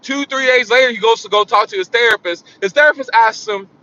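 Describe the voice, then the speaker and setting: A man casually telling a personal story in an animated way, repeating phrases for emphasis. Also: very high-pitched, fast. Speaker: vlogger. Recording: dull lo-fi sound.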